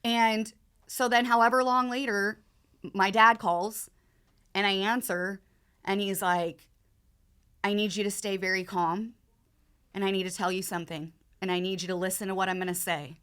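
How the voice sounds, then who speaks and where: Halting woman telling a painful story. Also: mid-range voice, fairly even intonation, a bit bright, clean tone. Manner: halting, repeats herself, many fillers. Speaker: podcast guest. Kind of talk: emotional personal storytelling.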